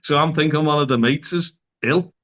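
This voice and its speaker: This psychotherapist, a podcast guest, has a slightly high, fairly bright male voice and keeps a moderate pace. In the casual conversation he's outspoken and direct, swearing often and leaning on local slang.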